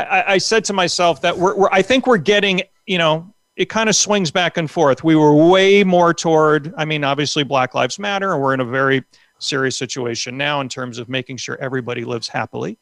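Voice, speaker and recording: Man, comedian guest, slightly high voice, rambling, animated, dry sound. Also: fairly quick, dry recording. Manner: rambling, animated, full of restarts. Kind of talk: casual podcast interview.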